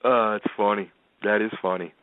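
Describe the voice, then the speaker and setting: A man's voice: on the low side, fairly even intonation, moderate pace, slight background noise. A man with a Philadelphia accent hosting a casual interview, asking rambling questions full of fillers. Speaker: interview host. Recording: dry, phone-like line.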